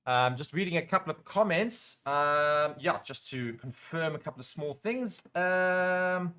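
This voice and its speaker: A South African man hosting a live rugby watchalong, chatting casually with viewers and breaking into excited play-by-play during big moments. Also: on the high side, moderate pace. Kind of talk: casual live commentary while reading chat comments.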